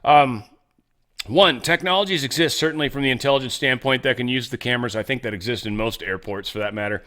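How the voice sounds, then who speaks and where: Guy ranting casually about the news, sarcastic and rambling, average pitch. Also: fast talker, bright, forceful tone. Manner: rambling, sarcastic, mock voices. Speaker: podcast host. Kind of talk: casual political commentary.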